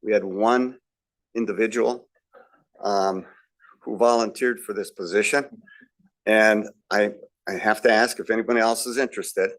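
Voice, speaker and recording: A man's voice: lowish voice, fairly even intonation, moderate pace, long pauses, a bit bright. A man, a trustee on the nominating committee, presenting a formal motion in a hesitant way with a dry joke.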